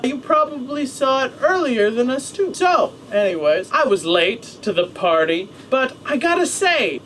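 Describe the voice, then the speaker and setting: A young man in a casual vlog, rambling and excitable, talking to a webcam at home. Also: sits high, a little hiss or hum.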